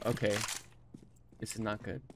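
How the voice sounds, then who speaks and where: A man giving excited live gameplay commentary, yelping and swearing whenever something surprises him. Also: lowish voice, normal speed, background noise. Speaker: gaming streamer. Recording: loud game gunfire under voice.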